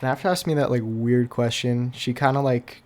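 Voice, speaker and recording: A young man with a medium-pitched, slightly mellow voice tells a storytime at a fairly quick clip, his intonation fairly even. He rambles casually, stuffing nearly every phrase with "like" and tossing in offhand, wry asides, typical of a storytime YouTuber.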